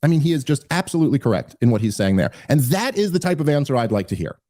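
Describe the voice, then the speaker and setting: A man hosting a podcast, giving casual political commentary in an animated, emphatic way with frequent restarts and fillers. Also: medium pitch, fast talker, dry recording, clean studio sound. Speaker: podcast host.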